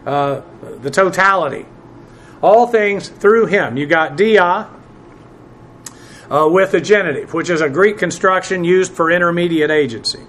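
Guy with a high voice going through greek bible words, spelling them out, lots of uh's, faint hiss behind. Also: moderate pace, a bit bright. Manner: spells out Greek words letter by letter, many "uh" fillers; presses emphatic points with rising force. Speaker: Bible teacher. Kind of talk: verse-by-verse Greek Bible teaching.

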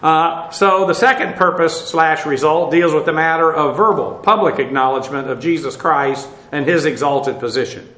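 A man teaching a Bible lesson, explaining Greek words in a halting way full of fillers. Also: fairly high pitch, a bit bright, echoey room.

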